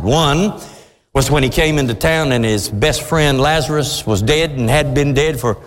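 A man preaching a sermon with passion, his voice climbing into shouts at its peaks. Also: on the high side, in a large hall. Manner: impassioned, rising to shouts.

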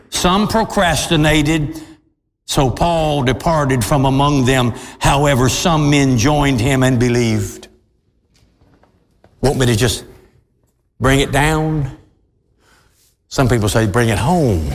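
A man preaching a fiery, old-fashioned sermon, swinging between shouted peaks and low, drawn-out lines. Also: lively intonation, long reverb tail.

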